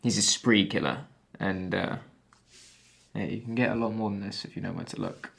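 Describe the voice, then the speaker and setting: A man's voice: fairly low pitch, moderate pace, creaky, fairly bright tone, breathy edge, exaggerated voice. An actor playing a young man on a video call who talks eagerly and geekily about a pet obsession. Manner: eager and geeky.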